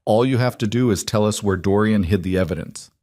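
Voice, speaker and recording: A smooth, cold mob interrogator presses his questions without hurry, as a male narrator voices him. The voice sits low and dry, calm menace in every line of the storybook telling. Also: brisk, no room sound, natural voice.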